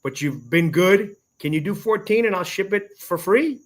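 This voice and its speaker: A man's voice: high voice, expressive, moderate pace. A man appearing as a guest on a live art-sale stream, talking casually and bluntly, swearing often. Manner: blunt, swears, frustrated by bad connection.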